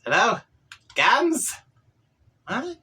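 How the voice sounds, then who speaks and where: A man's voice: very high-pitched, wildly swooping pitch, very slow, bright, forceful tone, husky, pitched above the performer's own voice, exaggerated voice, poor audio. A man voicing a sarcastic young male troll who talks in a snarky, exasperated way.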